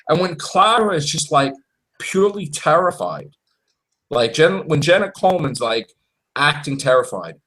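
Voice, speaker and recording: A man talking in an animated, exclaiming way in a casual fan chat, acting out quotes as he goes. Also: fairly high pitch, moderate pace, low-quality recording.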